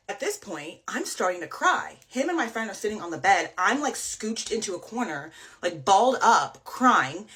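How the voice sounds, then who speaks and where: A woman retelling a frightening night out in casual, emotional storytelling, full of fillers and quick asides. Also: lowish voice, a bit bright. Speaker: storyteller guest.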